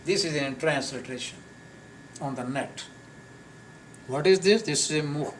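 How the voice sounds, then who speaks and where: A man teaching a live class on pronunciation, slowly repeating words and sounds for his students. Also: on the high side, expressive. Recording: distant mic with faint noise.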